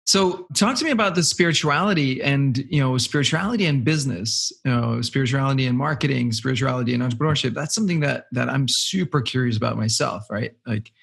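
A man's voice: mid-range voice, fast, vocal fry, few pauses, a bit bright, slightly rough. A man hosting an interview show, giving short affirmations and asking probing follow-up questions. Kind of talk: interview conversation.

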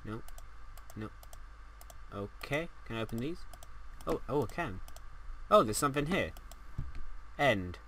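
A young man commentating a horror game as he plays, excitable and swearing, talking back at the game. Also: mid-range voice, a little slow, long pauses, poor audio. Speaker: gaming channel host.

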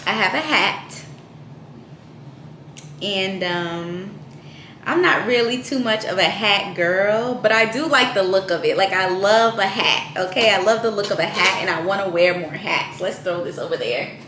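A woman's voice: mid-range voice, a little slow, sharp tone, roomy sound, a little hiss or hum. Bubbly young woman vlogging at home. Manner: chatty and playful, frequent laughs and slang. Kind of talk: casual vlog chat. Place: at home, indoors.

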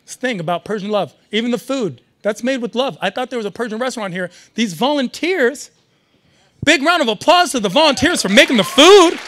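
A young man doing a stand-up comedy set at a live event, animated and riffing with the audience. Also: very high-pitched, fairly quick. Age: young adult.

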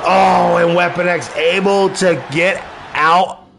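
Guy with a really high voice calling a wrestling game, slow-paced, yelling a lot, noisy background. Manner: excitable, often shouting exclamations. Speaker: commentator. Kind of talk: excited play-by-play commentary of a wrestling video game.

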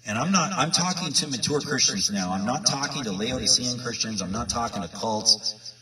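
A man's voice: mid-range voice, moderate pace, pushed and bright, distant mic. A man preaching informally to his viewers, emphatic and repetitive, full of rhetorical questions. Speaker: independent Bible teacher.

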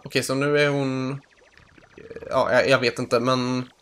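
A man's voice: mid-range voice, flat delivery, measured pace, a bit bright, clean tone. Man musing aloud over a game. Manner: unsure, thinking aloud, chuckling. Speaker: gaming channel host. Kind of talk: casual let's play commentary.

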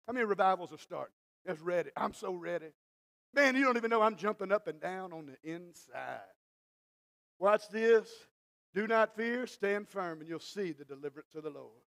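A man preaching in church, his voice pitched very high with a gravelly edge. He moves from hushed, low asides to shouted exhortation and acts out Bible stories as back-and-forth dialogue. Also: expressive, moderate pace. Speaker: pastor. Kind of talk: sermon.

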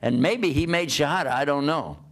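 A man's voice: on the high side, brisk. An older American man preaching a conversational sermon, telling stories and asking rhetorical questions. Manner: animated storytelling with rhetorical questions. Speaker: Islamic preacher.

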